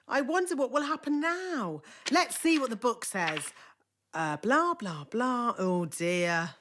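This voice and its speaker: Cartoon fairy nanny, female, fussy and bossy, lively swooping voice, unhurried. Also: a little high, a little hiss or hum, full character voice. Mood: prim. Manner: prim, fussy, matter-of-fact. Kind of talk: cartoon voice acting.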